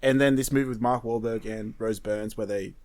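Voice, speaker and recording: A man's voice: fairly low pitch, steady tone, brisk, a little mellow. A man co-hosting a podcast, talking in a playful, teasing way. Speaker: podcast co-host. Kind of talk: casual chat.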